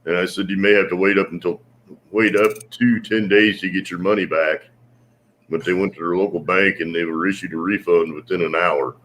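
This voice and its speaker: A man with a deep voice co-hosting a casual livestream, explaining things with dry jokes. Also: fairly even intonation, brisk, a bit bright, a little hiss or hum. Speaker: co-host.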